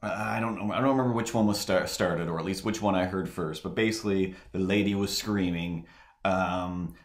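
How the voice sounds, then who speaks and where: A man livestreaming while he draws, telling a rambling story in a casual, animated way. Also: deep voice, fairly quick, echoey room. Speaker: streamer drawing live.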